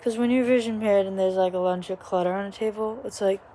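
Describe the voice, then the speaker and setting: A woman's voice: mid-range voice, fairly even intonation, fast, mellow, a little hiss or hum. Young woman vlogger, rambling casual storyteller with many asides, recorded at home. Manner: chatty, rambling, many asides and quoted voices. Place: small home, living room.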